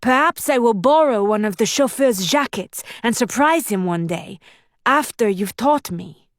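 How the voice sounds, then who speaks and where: A woman's voice: on the high side, expressive, measured pace, no room sound, clean studio sound. A woman voicing a spirited, headstrong young heiress who coaxes and teases playfully. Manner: coaxing, playful.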